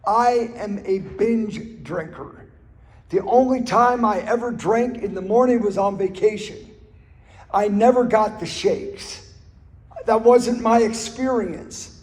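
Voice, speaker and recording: A man with a high-pitched voice speaks slowly while giving an earnest talk about his recovery. He tells stories and repeats phrases for emphasis, and the hall he's recorded in is noticeably reverberant.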